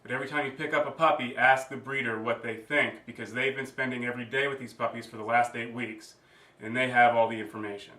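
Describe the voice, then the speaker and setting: Working as a dog trainer, a man gives a casual instructional demonstration in a relaxed, plain-spoken way, talking fast at a middle pitch and dropping in frequent "you know" and "um." He sits back from the mic in a roomy space with noticeable reflections.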